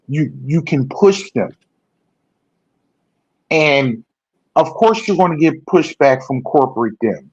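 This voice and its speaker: A man co-hosting a political talk show, rambling in casual discussion and correcting himself often, growing animated when he makes a point. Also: mid-range voice, breathy edge, dry recording. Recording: dull lo-fi sound.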